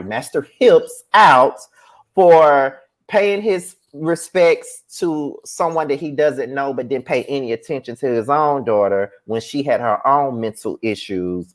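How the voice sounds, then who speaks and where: A man hosting a casual gossip chat, laughing often and trailing off with fillers. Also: medium pitch. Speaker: podcast host.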